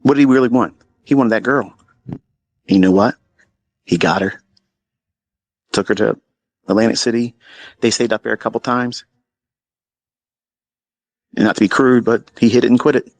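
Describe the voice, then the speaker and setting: Middle-aged man, mid-pitched, close and dry. Blunt, profane storyteller. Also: fairly even intonation, moderate pace, long pauses, dry recording. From Maryland, USA. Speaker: trading educator. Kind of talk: casual storytelling monologue.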